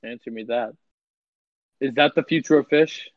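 A man's voice: mid-range voice, normal speed, no echo, close to an everyday voice. A man on a comedy podcast, playful and giggly in his interjections. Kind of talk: comedy podcast role-play. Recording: muffled lo-fi audio.

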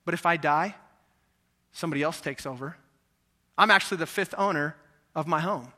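Man, preacher, sermon, high voice, animated, long hall reverb. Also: normal speed. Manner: animated, acts out voices, asks the audience questions.

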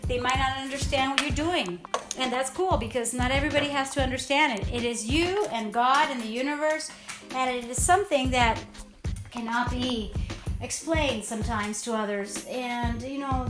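A woman hosting a motivational podcast from home, talking off the cuff in a heartfelt, rambling, earnest way. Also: high-pitched. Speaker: podcast host. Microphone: podcast microphone.

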